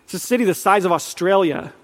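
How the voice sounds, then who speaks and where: A high-voiced man teaches on Revelation in a quick-paced sermon, earnest and rising in emphasis, occasionally quizzing the room. His words ring out with a long reverb from a large church hall.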